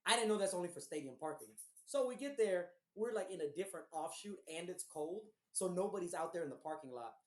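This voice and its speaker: Hoarse, profane man in a roomy room. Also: high voice, quick pace, hardly any pauses. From Houston, Texas. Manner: profane, rambling, animated storyteller. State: hoarse, recovering voice. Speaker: podcast co-host. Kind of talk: casual chat, storytelling.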